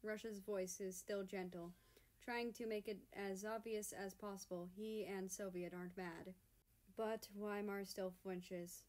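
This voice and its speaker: A woman reading a fan-written story aloud in a soft, unhurried narration. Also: medium pitch, flat delivery. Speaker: fan fiction reader.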